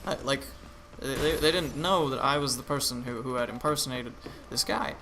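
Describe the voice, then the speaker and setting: A man's voice: medium pitch, fairly even intonation, moderate pace. A tired man giving laid-back, rambling commentary over gameplay, with many restarts and fillers. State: tired, yawning. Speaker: gaming channel host. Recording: noisy home recording with clicks.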